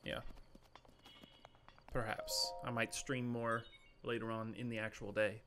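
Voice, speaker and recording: A man's voice: fairly low pitch, unhurried, music in the background. Chatty young man streaming a game. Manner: chatty, reacting aloud to the game, easily excited. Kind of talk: casual gameplay commentary. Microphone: headphones and desk mic.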